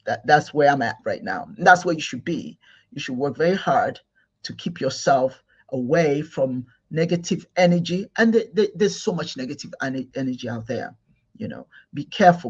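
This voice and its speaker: A man from Igbo Nigeria leads a spiritual talk in a somewhat high, husky voice. He stresses his points by repeating himself and restarting mid-phrase. The recording is dull and lo-fi. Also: sing-song, moderate pace. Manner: repetitive, emphatic, many restarts. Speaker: spiritual teacher.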